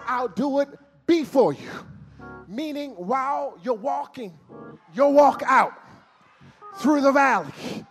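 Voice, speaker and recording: A man preaching a sermon in a church, chanting lines in a sing-song way, rising to shouts and falling to soft murmurs as he leads the congregation. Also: very high voice. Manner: sing-song call-and-response preaching, swells to shouts then drops to near murmurs.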